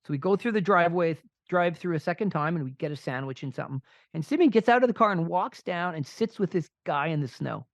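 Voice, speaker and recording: A middle-aged man co-hosting a podcast, telling a personal story with animated enthusiasm. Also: on the high side, fast, few pauses, no echo. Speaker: podcast co-host. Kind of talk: casual chat and storytelling. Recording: dull, dry lo-fi sound.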